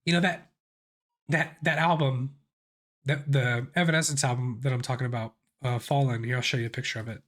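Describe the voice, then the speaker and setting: A man's voice: mid-range voice, fairly even intonation, brisk, a bit bright. A man in his thirties with a sick voice, hosting a casual music reaction and thinking aloud with many restarts. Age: 30s.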